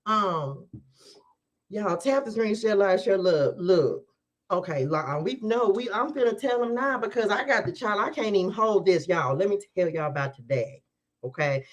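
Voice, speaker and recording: A woman's voice: medium pitch, lively intonation, normal speed. A woman tarot reader hosting a live stream, chatting casually and with animation, laughing often and talking straight to viewers.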